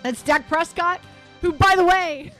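A woman hosting a sports radio show, chatting in an animated, self-deprecating way with lots of fillers, on a studio microphone. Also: very high voice, unhurried, faint music behind. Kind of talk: casual sports talk chat.

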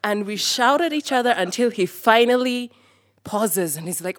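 A woman from Kenya telling a personal story on stage, lively and animated, acting out the voices of people in it. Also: a little high, normal speed, no echo, studio quality.

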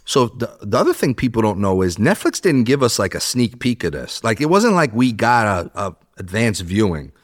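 A man in his thirties, a podcast guest, telling a story in casual chat, animated and swearing, acting out what people said. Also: lowish voice, normal speed, few pauses. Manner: animated, swears, acts out quotes.

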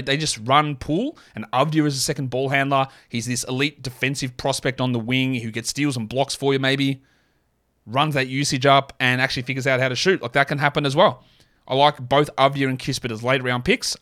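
A man with an Australian accent hosting a solo podcast, chatting casually and thinking aloud with quick asides. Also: medium pitch, fairly bright tone. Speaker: podcast host. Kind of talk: solo sports analysis podcast.

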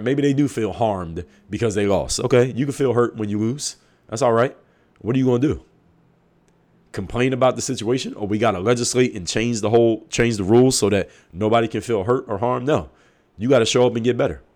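Male host, lowish voice, blunt and emphatic monologue, swears freely. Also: a little mellow. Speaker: podcast host. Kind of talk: casual monologue.

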